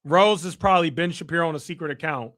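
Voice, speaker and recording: High-voiced taunting man streaming. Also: fast talker, fairly bright tone, no room sound, studio quality. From United States. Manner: teasing, mocking, taunting. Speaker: livestream host. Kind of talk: casual livestream chat, reading the chat.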